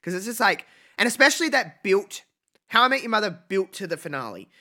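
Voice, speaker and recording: A man's voice: sits high, very animated, sharp tone. A man co-hosting a casual podcast chat, talking emphatically and reacting a lot. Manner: emphatic, quick to laugh and react. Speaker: podcast co-host.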